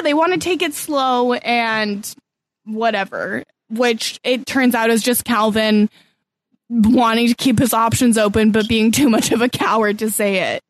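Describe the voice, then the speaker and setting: A woman's voice: a little high, no room sound. A young woman from Canada, co-hosting a podcast in a wry, chatty, self-mocking tone. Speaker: podcast co-host. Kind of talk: casual chat.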